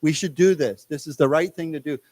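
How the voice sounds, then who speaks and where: The speaker is an American English teacher giving a live class in a lecture room, his voice a little higher than most men's and a little mellow. Chatty and loose, he frequently starts over and says words slowly so students can repeat them; the audio is dry and close, with little room echo.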